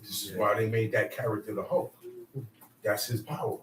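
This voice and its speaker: A man leading a bible study, emphatic and animated, acting out quotes and sometimes shouting. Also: lowish voice, moderate pace. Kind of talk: animated spoken teaching. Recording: echoey room, mic far off, faint noise.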